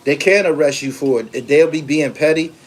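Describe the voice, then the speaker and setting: A man's voice: a little high, normal speed, slight background noise. Profane East Coast man telling stories. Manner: loose, profane storytelling with acted-out voices. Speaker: podcast host. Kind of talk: casual livestream chat reading comments.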